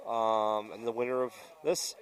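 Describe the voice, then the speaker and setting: A man with a Boston accent giving relaxed, joking color commentary on a live paintball match. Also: fairly low pitch, unhurried, distant mic. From Boston area. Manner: relaxed, joking banter with co-host.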